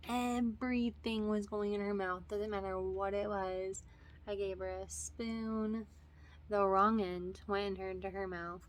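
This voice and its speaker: A young woman talks straight to her viewers in a loose, rambling vlog about her day with her baby. She circles back, corrects herself and fills gaps with ums and likes, her voice sitting at a middling pitch. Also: a bit bright. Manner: rambling, with many fillers and self-corrections. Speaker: vlogger and mother. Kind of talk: casual chat.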